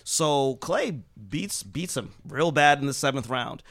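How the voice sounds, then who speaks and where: Man, podcast guest, mid-pitched voice, lively storytelling, jumps into character voices. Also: a little slow, no echo, studio quality. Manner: animated, acts out quotes with big pitch jumps and swearing.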